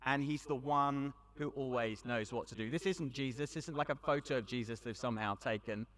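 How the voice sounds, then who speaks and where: A man with a British accent giving a storytelling talk to a young audience at an event, conversational with dramatic pauses. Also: medium pitch, fairly bright tone. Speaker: youth event speaker. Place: large hall with audience. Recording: long hall reverb.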